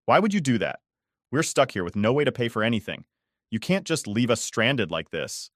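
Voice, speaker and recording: A man's voice: mid-range voice, big pitch swings, normal speed, a bit bright, no echo, clean studio sound. A man reading the part of a frustrated middle-aged father who snaps and demands help. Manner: tense, snapping.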